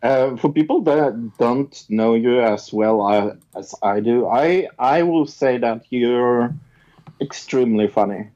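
Man, podcast host, casual jokey chat, mid pitch, slightly dull sound. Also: slow, mellow.

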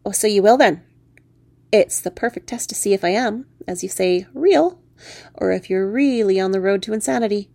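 A woman's voice: medium pitch, moderate pace, gravelly, a little mellow, no room sound. A woman voicing a tiny, teasing male fairy who first appears as a frog, reading her story aloud. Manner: playful, teasing.

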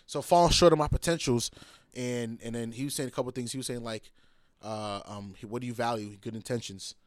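A man's voice: mid-range voice, fairly quick, dry recording. Playful, laughing man in a podcast chat. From Boston. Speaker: podcast guest, comedian. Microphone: studio mic.

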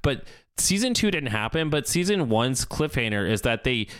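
A man's voice: medium pitch, sing-song, normal speed, fairly bright tone, clean tone, no room sound, studio quality. A man co-hosting a podcast, recapping a cartoon in casual, profane chat and acting out quotes in funny voices. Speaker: podcast co-host.

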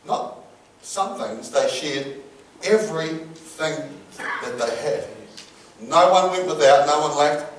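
Preaching a sermon, a pastor tells an anecdote and acts out the voices of its characters. He speaks slowly with frequent pauses in a fairly high voice, recorded from a distance in an echoey hall with slight background noise.

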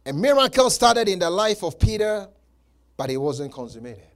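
A man's voice: high-pitched, very animated, normal speed. A male pastor preaching a sermon, repeating phrases and laughing between points. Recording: live church service.

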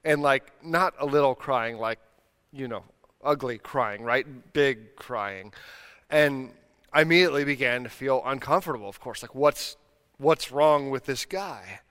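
A middle-aged male pastor preaching a sermon in a relaxed, conversational storytelling way, laughing at himself as he goes. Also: mid-range voice, measured pace, clean tone. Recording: long hall reverb.

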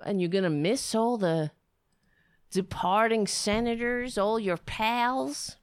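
Woman, livestream political commentary, sarcastic, rambling, fairly high voice, dry close sound. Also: takes it slowly, smooth, dry recording. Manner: sarcastic and rambling, with mocking impressions. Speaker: livestream host.

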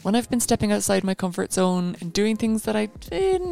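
A woman leads a guided running session as a coach. She talks in a chatty, rambling, encouraging way. Her voice has a noticeable gravelly fry, and faint music plays underneath. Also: mid-range voice, very animated, normal speed, dark tone.

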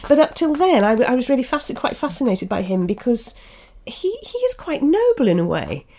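A woman's voice: a little high, very animated, brisk, a little mellow. Novelist lady talking books, thoughtful, keeps restarting. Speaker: novelist guest. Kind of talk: discussion and reading aloud.

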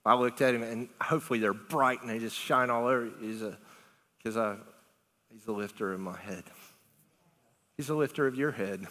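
A middle-aged male pastor preaching a lively, conversational sermon, asking the congregation questions and laughing often. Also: mid-range voice, moderate pace, long pauses. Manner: animated, conversational preaching with big swings in loudness. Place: church sanctuary. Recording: long reverb of a church hall.

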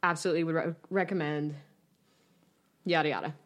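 An American woman in her twenties chatting casually, telling stories in an animated way and acting out the voices of people she quotes. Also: sits low, brisk. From United States. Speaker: guest recounting study abroad. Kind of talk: casual chat.

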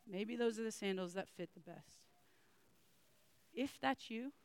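A woman's voice: mid-range voice, smooth, dry recording. Earnest woman preaching a sermon. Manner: earnest, addresses listeners directly with repeated questions.

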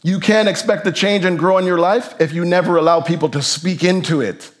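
A man preaching a sermon as pastor, animated, his voice jumping up for emphasis and then dropping low. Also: a little fast. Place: church sanctuary.

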